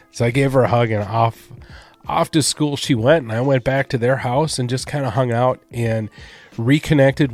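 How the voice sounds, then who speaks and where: Laid-back man telling a rambling story. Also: mid-range voice. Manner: relaxed, rambling, swears casually. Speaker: podcast host. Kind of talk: casual storytelling monologue.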